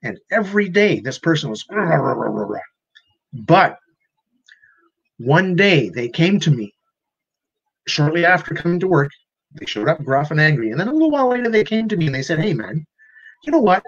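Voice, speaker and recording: A man's voice: fairly high pitch, sing-song, moderate pace, creaky, long pauses, fairly bright tone, slightly rough, highs cut off. A man working as a life coach, giving an earnest motivational talk and often repeating and restarting his words.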